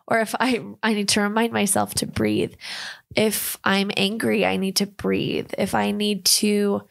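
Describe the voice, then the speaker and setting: Gravelly-voiced woman chatting about fitness. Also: medium pitch, animated, a little slow. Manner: earnest, talks through breathing techniques step by step. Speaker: podcast co-host and fitness trainer. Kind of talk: casual chat.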